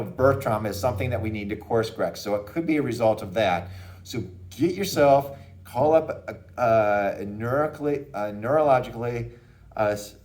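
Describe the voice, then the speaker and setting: A man, a doctor and parent of a young child, giving casual, upbeat health advice to parents in an educational talk, often checking in with "okay?". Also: lowish voice. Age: adult parent of a young child. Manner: casual and upbeat, with frequent "okay?" and "hey" asides.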